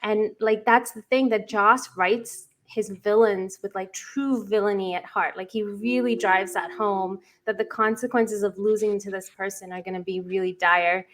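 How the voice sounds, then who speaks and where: A woman's voice: mid-range voice, fairly even intonation, normal speed, few pauses, fairly bright tone. A woman speaking earnestly as a panelist in a casual chat, often restarting her sentences.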